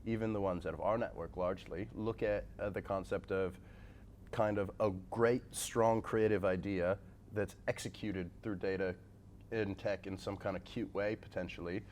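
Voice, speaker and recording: A man's voice: deep voice, moderate pace, a little hiss or hum. A man chatting casually about data work, peppering his talk with fillers. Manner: relaxed, chatty, many fillers like "right?" and "like". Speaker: head of data and tech at an ad agency. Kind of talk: casual conversation.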